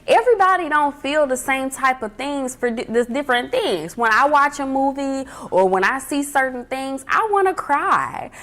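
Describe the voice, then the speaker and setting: A woman's voice: sits high, moderate pace, few pauses, fairly bright tone. A woman hosting a casual livestream from home, giving life advice in an emphatic, chatty way and repeating her key points. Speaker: livestream host.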